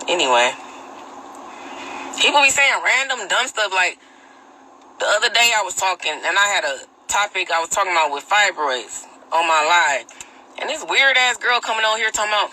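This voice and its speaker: Woman host ranting on a phone livestream; blunt, opinionated, sharp bright tone, light noise behind. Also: medium pitch, lively intonation, moderate pace, pauses often, rough recording. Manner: reads and answers viewer comments. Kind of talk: casual livestream rant.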